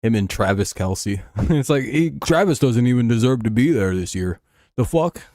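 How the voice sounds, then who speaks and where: A young man chats casually on a livestream during a football game, often joking, swearing and laughing. His mid-range, darkish voice has lively intonation at a normal speed. It is recorded in clean studio sound with no room sound.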